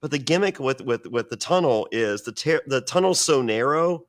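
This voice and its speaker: A man's voice: mid-range voice, normal speed. Guy swearing a lot, rambling story on a podcast, jumps into other people's voices. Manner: profane, rambling, animated, acts out other people's lines. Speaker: guest telling stories.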